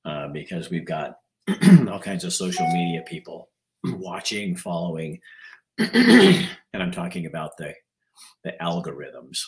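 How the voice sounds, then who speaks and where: Older guy with a real low voice, kinda hoarse, keeps clearing his throat, just rambling on his livestream. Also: big pitch swings, measured pace. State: losing his voice. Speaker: livestream host. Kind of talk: casual live-stream chat.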